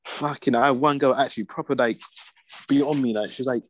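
A man's voice: mid-range voice, steady tone, quick pace. A young man, co-hosting a podcast in laid-back, slang-heavy banter and laughing often. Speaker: podcast co-host. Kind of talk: casual chat.

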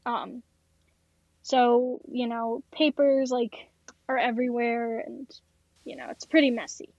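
A woman runs a tabletop game, narrating casually with many fillers. Her voice sits high, and the recording is dull and dry. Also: level tone, slow, dry recording. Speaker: game master.

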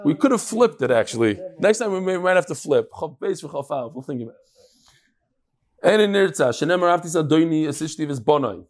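Leading a daily Talmud lesson live, a man talks rapidly and with energy, his voice a bit high and his intonation lively. He frequently starts over mid-thought and uses plenty of Hebrew terms.

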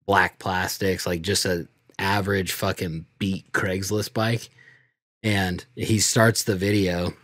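A man's voice: low voice, level tone, slow pace, a bit bright, no echo, studio quality. A young man co-hosting a podcast, telling stories in laid-back casual chat. He laughs often and swears. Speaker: podcast co-host.

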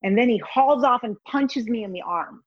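A woman's voice: fairly high pitch, normal speed, dry recording, highs cut off. A woman guest in an interview, telling stories with animation and acting out the voices of people in them. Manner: animated storyteller, acts out voices in anecdotes. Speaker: guest, communication consultant. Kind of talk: conversational storytelling interview.

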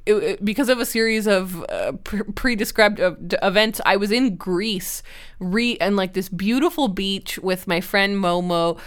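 A woman's voice: mid-range voice, moderate pace, smooth. A woman co-hosting a podcast, chatting casually about books, talking in a giggly, rambling way and poking fun at herself. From Canada. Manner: chatty, giggly and self-mocking, with many fillers. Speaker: podcast co-host and book YouTuber. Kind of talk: casual chat.

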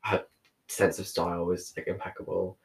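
A young British man and drag performer, chatting casually as a podcast guest, full of fillers and quick laughs. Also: low voice, flat delivery, creaky, poor audio. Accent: British English.

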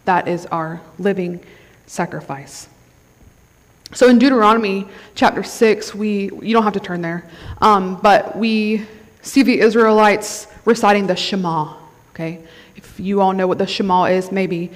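A woman's voice: medium pitch, measured pace. A woman giving a conversational sermon at a conference, often checking in with the crowd. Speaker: conference speaker. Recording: long hall reverb.

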